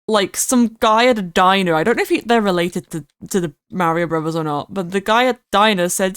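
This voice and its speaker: A woman livestreams her gameplay in a casual, rambling chat, stopping often to greet viewers by name. Her voice is smooth and clear, and it sounds close and dry, with no room echo. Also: mid-range voice, a little fast, few pauses, fairly bright tone. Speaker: streamer.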